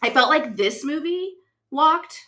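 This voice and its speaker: Bright chatty woman co-host. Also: sits high, a little slow. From US West Coast. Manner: chatty, many fillers, animated retelling. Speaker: podcast co-host. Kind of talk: casual chat.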